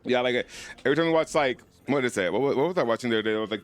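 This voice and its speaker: A man's voice: medium pitch, expressive, rapid-fire, soft background music. A man livestreaming, chatting casually and playfully with his viewers in a rambling way. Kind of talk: casual chat over a live broadcast.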